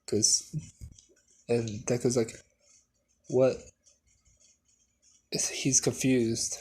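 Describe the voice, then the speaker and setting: Slow, halting male storyteller. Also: mid-range voice, darkish tone, breathy edge. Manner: halting, full of fillers and restarts. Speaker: fan storyteller. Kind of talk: casual unscripted story retelling.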